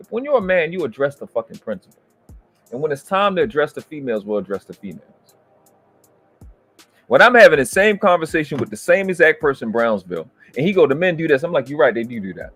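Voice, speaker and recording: A man hosting a debate review, ranting in heated, profane commentary that berates and swings up into shouting. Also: on the high side, very animated, quick pace, breathy edge, dry recording, faint music behind.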